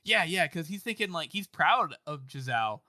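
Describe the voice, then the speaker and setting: A man's voice: a little high, big pitch swings, normal speed, sharp tone, dry recording, clean studio sound. A man co-hosting a podcast, chatting casually about a book, rambling with lots of fillers and swearing. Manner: rambling with many fillers, swears, laughs often. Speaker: podcast co-host. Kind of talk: casual book discussion chat.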